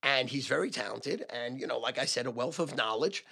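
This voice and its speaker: Loud, gravelly, brash older man. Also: medium pitch, animated, fairly quick. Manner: loud, profane and emphatic, repeating phrases for punch. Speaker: sports gambling advisor and show host. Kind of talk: casual monologue to camera.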